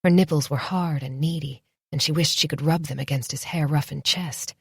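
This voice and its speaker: A woman narrates a romance audiobook in a soft, intimate, measured way. Her voice sits very low and sounds husky. The recording is close and dry. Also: fairly even intonation, no room sound.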